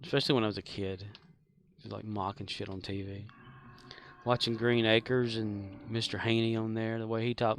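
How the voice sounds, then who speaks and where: A man's voice: lowish voice, little pitch movement, moderate pace, a little hiss or hum. A man chatting casually on a live game stream, rambling with lots of fillers. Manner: rambling, filler-heavy, laughs at his own jokes. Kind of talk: casual live-stream chat while gaming.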